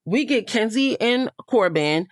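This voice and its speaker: A woman's voice: on the high side, lively intonation, unhurried, no echo, clean studio sound. A woman hosting a casual show recap, blunt and opinionated, cursing freely as she comments. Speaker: reality show recap host.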